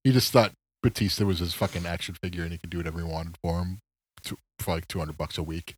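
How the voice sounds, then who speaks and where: A man's voice: low-pitched, steady tone, fast, slightly rough, dry recording. A man co-hosting a podcast in casual, profane chat, laughing and mocking people in put-on voices. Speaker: podcast co-host.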